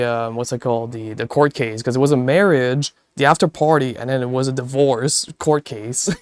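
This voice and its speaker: A man's voice: mid-range voice, a little mellow, no room sound. A man chatting casually on a stream, telling stories with a lot of swearing and laughter. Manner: profane, laughing storyteller; talks to chat viewers.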